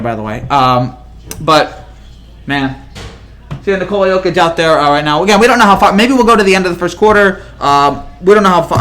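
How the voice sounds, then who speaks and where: A man hosting a casual live sports stream, speaking in a high, bright voice. He rattles along very quickly, excitable and rambling, with plenty of fillers and restarts. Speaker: host.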